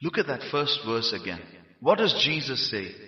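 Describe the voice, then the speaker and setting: A man from India preaching a sermon, emphatic and rising to shouts on key phrases. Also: mid-range voice, big pitch swings, normal speed. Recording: roomy hall, dull lo-fi sound.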